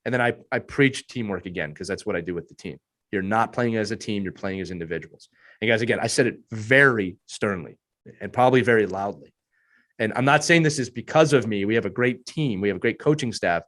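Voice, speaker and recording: A man in his thirties, a youth hockey coach, talking earnestly on a podcast panel with a hoarse voice and repeating points for emphasis. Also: on the low side, brisk, fairly bright tone.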